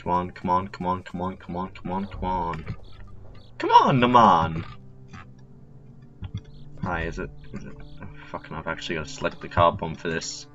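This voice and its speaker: A man's voice: low voice, big pitch swings, normal speed, long pauses, a bit bright, lo-fi sound, faint music behind. A man narrating his own play of a stealth game, joking, swearing and talking to himself as he goes. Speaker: gaming channel host. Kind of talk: let's play commentary.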